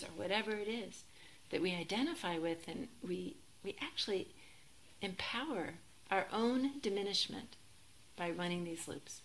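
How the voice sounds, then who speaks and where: A woman teaching as a Zen teacher in a relaxed, reflective dharma talk, gently self-deprecating and sometimes laughing. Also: fairly low pitch, normal speed, slight background noise, rough recording.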